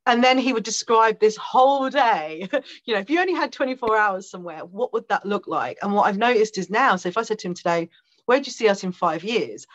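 A woman talks as a podcast guest, telling a personal story in a chatty, animated way. Her voice sits in a middle register. The recording sounds slightly muffled and lo-fi. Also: medium pitch. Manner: chatty, animated, with many fillers and quick laughs. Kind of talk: conversational storytelling.

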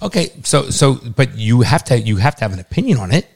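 A man's voice: medium pitch, big pitch swings, fast, gravelly, a little mellow, husky. A middle-aged man, a father, arguing heatedly with his son, exasperated, swearing and talking over him. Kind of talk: heated family argument.

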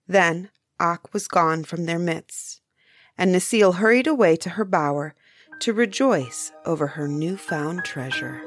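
A woman narrating a bedtime story, softly and unhurried. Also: fairly low pitch, expressive, no echo, clean studio sound.

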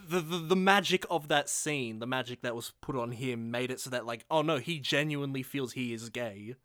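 A man co-hosting a casual film podcast, making dry deadpan jokes. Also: medium pitch, normal speed, smooth, no room sound. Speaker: podcast co-host.

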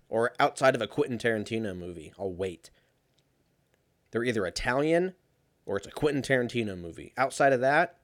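A young man telling a casual story in a sarcastic, profane, animated way. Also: lowish voice, dry recording, clean studio sound.

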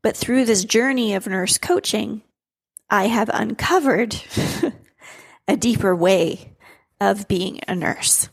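Husky woman sharing a teary personal story. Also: medium pitch, takes it slowly. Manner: heartfelt, reflective, laughs often. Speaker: podcast co-host, nurse coach.

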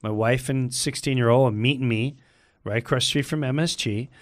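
A middle-aged man telling a story in a lively way, acting out the lines of the people in it. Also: mid-range voice, fairly quick, no echo, studio quality. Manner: acts out other people's lines in quoted voices. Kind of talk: animated storytelling.

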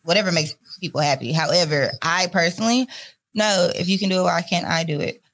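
A woman's voice: fairly low pitch, brisk, a bit bright. Candid woman telling a story. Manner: candid storytelling, frequent fillers and laughs. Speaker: podcast guest. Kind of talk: casual chat.

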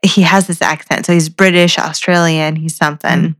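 An American woman co-host who rambles through her thoughts. She is hesitant and fills her pauses with "um" and "like.". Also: sits low, little pitch movement, fairly bright tone. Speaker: podcast co-host. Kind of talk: casual chat.

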